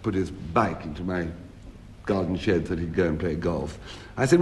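A man on a radio comedy panel, telling a comic story with wry, deadpan delivery and dramatic pauses. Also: low voice.

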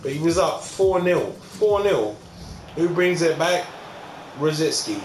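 An excitable young man narrating his football game, his voice jumping all over with a slow, drawn-out delivery. He swears and yells at his players. It sounds roomy, with loud game audio underneath. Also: fairly high pitch, background noise. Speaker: gaming YouTuber. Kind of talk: casual gameplay commentary. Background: game commentary and crowd ambience.

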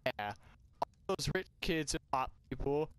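Laughing and swearing casually, this young man plays a game and reads its dialogue aloud, doing voices for the characters as a let's player on a glitchy home mic. His voice is on the high side, animated yet unhurried, fairly bright and clean, in a dry recording.

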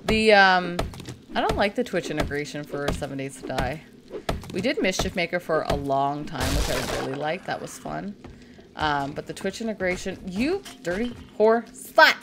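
A woman's voice: deep voice, animated, normal speed, music in the background. A woman from Canada chatting casually and making crude jokes while playing a game on a live stream.

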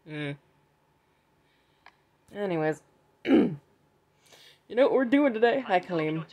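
A woman's voice: mid-range voice, animated, takes it slowly, pauses often, mellow. Young woman chatting through a game. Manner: chatty, swears freely, talks to game characters. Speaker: gaming vlogger. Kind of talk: casual gameplay commentary.

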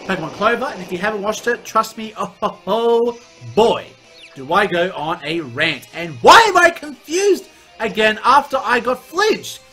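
A young man commentates his own gameplay, bursting into profane outbursts at the game. His voice sits high and bright, swooping wildly in pitch. Faint game music plays behind him. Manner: excitable, profane, yelling at the game. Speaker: let's play host.

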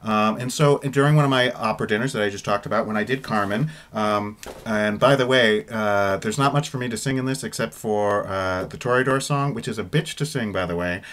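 A middle-aged baritone singer giving casual spoken commentary on an opera recording, chatty and digressive, with offhand swearing. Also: male voice, fairly quick, few pauses, a bit bright.

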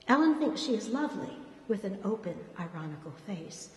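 A woman author giving an expressive reading of her fiction in a hall. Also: mid-range voice, fairly quick, hardly any pauses. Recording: echoey hall reverb.

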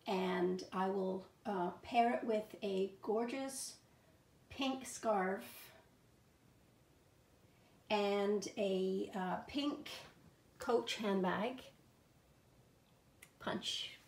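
A woman's voice: mid-range voice, darkish tone, echoey room. A middle-aged woman showing outfits and perfumes in a home vlog, gushing and enthusiastic, with plenty of fillers. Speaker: fashion and fragrance vlogger. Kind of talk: casual show-and-tell vlog. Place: bedroom at home.

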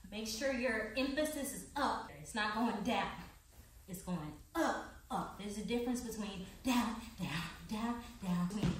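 A woman's voice: medium pitch, moderate pace, a little hiss or hum. Upbeat woman dance teacher, heard from a distance in a roomy studio. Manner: upbeat, coaching with frequent check-ins. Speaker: dance instructor. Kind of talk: dance tutorial. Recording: echoey studio from far off.

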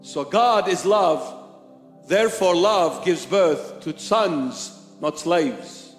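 A man's voice: high voice, slow. A man preaching a sermon as a bishop in a church, emphatic and repetitive in his rhetoric. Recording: echoey church hall with faint music.

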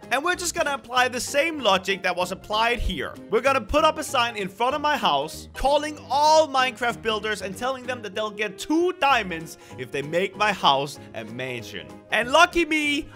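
A young man hosting a gameplay video, commentating in an excitable, dramatic way. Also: sits high, normal speed, soft background music. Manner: excitable, dramatic, shrieks at scares. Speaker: gaming video host.

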